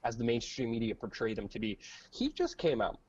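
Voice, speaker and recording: A man's voice: mid-range voice, wildly swooping pitch, a little fast, a little mellow, breathy edge, dull audio. A man co-hosting casual political commentary, rambling with many fillers and jokes, on a webcam. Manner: rambling, filler-heavy, joking. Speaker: co-host.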